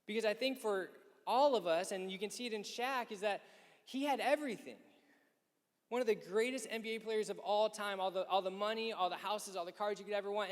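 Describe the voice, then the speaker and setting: A man in his thirties speaking at a youth conference men's session. He tells a lively story and acts out the people he quotes. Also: high-pitched. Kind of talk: storytelling talk. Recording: echoey hall.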